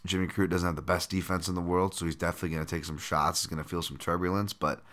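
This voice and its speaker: A man's voice: deep voice, little pitch movement, quick pace, a bit bright. A man hosting a casual solo podcast, breaking down fights while thinking aloud, with lots of fillers, restarts and the odd chuckle. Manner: chuckles now and then while talking. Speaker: podcast host and fight analyst.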